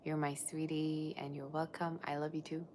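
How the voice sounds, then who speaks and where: A woman's voice: low-pitched, little pitch movement, normal speed, darkish tone, a little hiss or hum. A woman reading tarot on a live stream, gushing over her viewers and chatting loosely between cards. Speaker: tarot reader.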